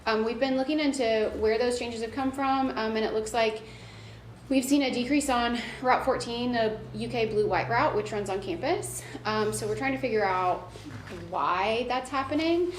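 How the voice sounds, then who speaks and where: A woman's voice: fairly high pitch, moderate pace. A woman presenting a transit performance report at a board meeting, walking through slides. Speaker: transit agency staff presenter. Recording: echoey room with background noise.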